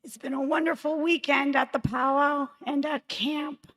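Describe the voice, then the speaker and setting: A woman speaks in a hoarse, high voice, working through a prepared campaign speech. Her delivery is slow and deliberate, measured and formal. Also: fairly even intonation, a bit bright, low-quality recording. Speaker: candidate for vice chair.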